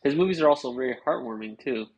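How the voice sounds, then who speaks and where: Husky-voiced man in casual movie chat. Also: medium pitch, quick pace, rough recording. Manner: relaxed, agreeable, filler-heavy.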